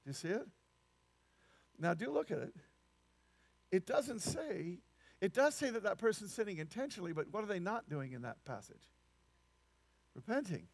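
Gravelly high-voiced male preacher. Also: normal speed, long pauses, dry recording. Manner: animated, incredulous, emphatic preaching. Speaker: pastor. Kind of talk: sermon.

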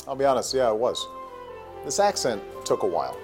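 A man in a comedy sketch playing a self-important method actor who is playing a president, with deadpan delivery and music behind. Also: medium pitch, brisk.

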